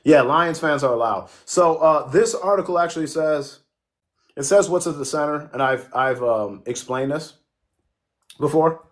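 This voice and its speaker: This livestream host's voice sits a little high and moves a little slowly. Profane and playful, he cracks jokes and reacts to chat messages from viewers in real time during his casual stream.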